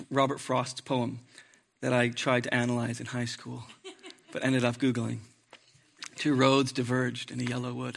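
A man's voice: mid-range voice, gravelly, fairly bright tone. A man preaching a sermon in a conversational way, with joking asides to the congregation.

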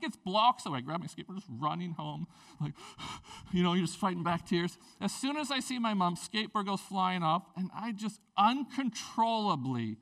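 A man with a high-pitched voice preaching a sermon in a relaxed, conversational way. He tells personal stories, his voice swinging from hushed to loud and rising sharply when he makes his point. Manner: conversational storytelling with lively swings in pitch and loudness. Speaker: pastor.

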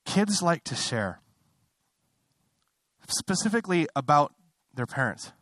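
A man's voice: sing-song, slow, a bit bright, no room sound. A young adult man preaching a sermon, conversational with apologetic asides, rising to impassioned fervor. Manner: conversational, building to impassioned high-pitched fervor; self-interrupting, apologetic asides. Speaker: pastor.

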